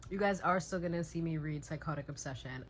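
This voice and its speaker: A woman's voice: low-pitched, fast talker, slight background noise, poor audio. A young woman talking casually to her phone at home at night, worn out and teary, gushing emotionally about a book and swearing freely. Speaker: book vlogger. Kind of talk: casual vlog chat.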